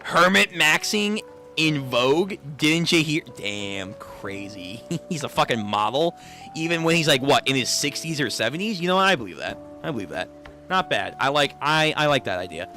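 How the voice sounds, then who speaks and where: A man giving casual reaction commentary on a manga read-through, animated and exclaiming in disbelief, with frequent swearing. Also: on the high side, moderate pace, soft background music.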